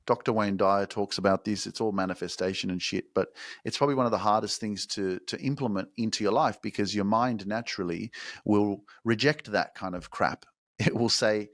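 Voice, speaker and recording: A man's voice: lowish voice, normal speed, a bit bright, dry recording, studio quality. A man hosting a motivational podcast, talking casually with a lot of slang and profanity and pushing his listeners hard. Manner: profane, slangy, fired-up exhortation. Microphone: microphone.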